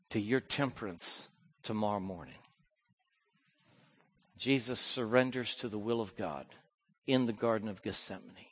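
A male preacher delivering a sermon, swinging from hushed, slow lines to loud, fervent ones. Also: lowish voice, breathy edge.

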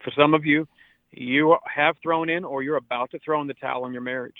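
A man's voice: fairly high pitch, steady tone, a little fast, no echo. A pastor in his forties speaking in an earnest, preaching way during a radio interview, often repeating words as he drives a point home. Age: 40s. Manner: earnest, exhortative, repeats words when stressing. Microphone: phone line. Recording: tinny dry phone line.

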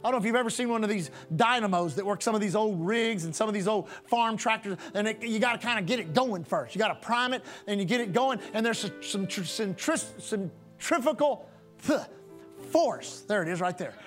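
A man's voice: high voice, animated, brisk, fairly bright tone, faint music behind. A man preaching a sermon as pastor, repeating phrases in a rhythmic cadence for emphasis.

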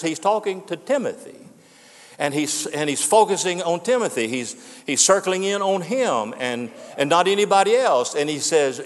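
An older man preaching his farewell sermon as pastor, earnest and emphatic, repeating words for weight. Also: fairly high pitch. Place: church sanctuary. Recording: long hall reverb.

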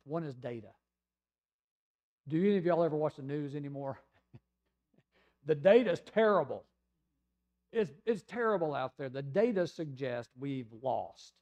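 A middle-aged pastor from Tennessee, USA, with a Southern American accent, preaches conversationally, reading quotes aloud and alternating between loud emphasis and quiet asides. His voice sits fairly high, and the sound is lo-fi.

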